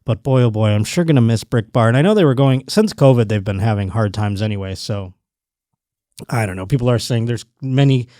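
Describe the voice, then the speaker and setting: A man hosting a podcast, telling a rambling, animated story in casual chat. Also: mid-range voice, brisk, no room sound, clean studio sound. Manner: rambling, animated storytelling with restarts and quoted voices. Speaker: podcast host.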